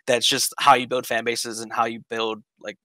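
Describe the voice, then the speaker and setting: A man's voice: medium pitch, flat delivery, normal speed, pushed and bright, dry recording. A man, an esports coach, chatting casually on a podcast in a rambling way, with many fillers and acted-out quotes. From United States.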